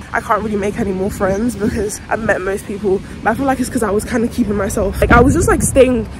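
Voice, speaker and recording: A woman's voice: medium pitch, noisy background. A young woman, a student vlogger, chatting casually to the camera in a rambling, giggly way. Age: young adult. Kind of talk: casual vlog chat. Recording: music playing underneath.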